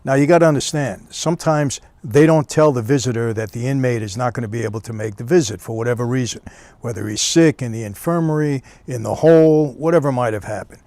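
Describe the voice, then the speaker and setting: Relaxed and conversational, a man tells a personal story about his years in prison, dropping in "you know" along the way. His pitch is ordinary and middle-range, and the recording is dry and close, with no room sound or echo.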